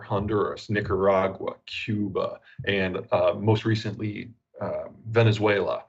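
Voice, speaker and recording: A man with an American accent, a geopolitical analyst giving measured, analytical interview answers with frequent "uh" fillers. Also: lowish voice, slightly rough, muffled recording.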